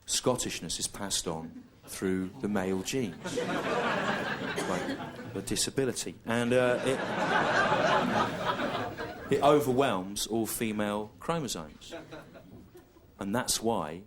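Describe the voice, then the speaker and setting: Man from England, deadpan ironic stand-up, halting repetitions, noisy live recording. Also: on the low side. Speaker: stand-up comedian. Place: live comedy venue.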